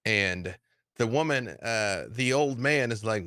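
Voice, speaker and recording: A man narrating as dungeon master, in a relaxed, chatty storytelling way with plenty of fillers. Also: on the low side, slow, no echo, studio quality. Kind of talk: narrating a tabletop game.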